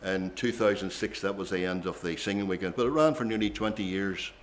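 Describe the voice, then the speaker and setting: A man's voice: deep voice, brisk. Older man reminiscing. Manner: chatty, rambling reminiscence with asides. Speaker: traditional singer telling stories. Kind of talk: relaxed storytelling at a singing session.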